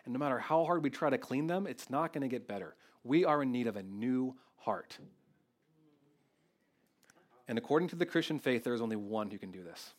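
A man's voice: mid-range voice, expressive, fast, few pauses. A man preaching a sermon, earnest and conversational, often restarting his phrases and growing emotional. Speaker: pastor.

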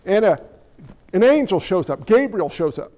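High-voiced animated male preacher. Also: normal speed, highs cut off. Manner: animated, jokey storyteller. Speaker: pastor. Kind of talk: sermon.

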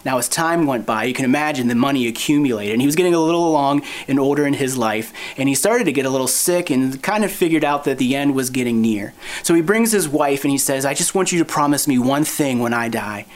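A male pastor giving a sermon for an online church, relaxed and conversational, mixing in dad jokes. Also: mid-range voice, fast talker, hardly any pauses. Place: recorded for online church at home.

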